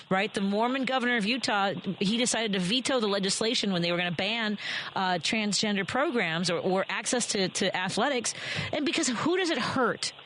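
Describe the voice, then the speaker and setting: A woman's voice: a little high, a bit bright, slight background noise. A middle-aged woman hosting a talk radio show, speaking passionately and often restarting her sentences. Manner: impassioned, rambling, many restarts.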